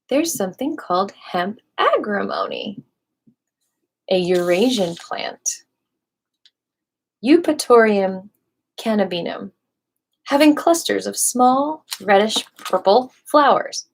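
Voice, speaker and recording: A woman hosting a live video, reading dictionary entries aloud with playful, musing asides to viewers and occasional soft whispers. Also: medium pitch, vocal fry.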